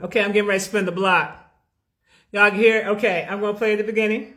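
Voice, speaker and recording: A woman's voice: medium pitch, steady tone, fast, fairly bright tone, faint music behind. A woman chatting casually on a live stream from her home loft, calling her viewers babies and honey. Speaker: livestream host.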